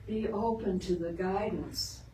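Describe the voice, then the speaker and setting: A middle-aged woman minister giving a storytelling sermon, lively when telling the story and soft and earnest when making her point. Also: medium pitch, a little slow. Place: sanctuary of a spiritual center. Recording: roomy, distant, with background noise.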